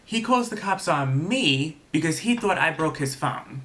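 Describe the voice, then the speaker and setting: A man's voice: a little high, animated, measured pace, a bit bright. A young man telling a personal story in a vlog, rambling and indignant. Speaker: vlogger.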